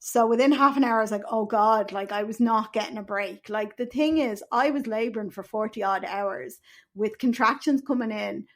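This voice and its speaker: A woman's voice: a little high, moderate pace. A young adult woman with an Irish accent, hosting a podcast and telling a frank personal story with blunt, swearing candour. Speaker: podcast host.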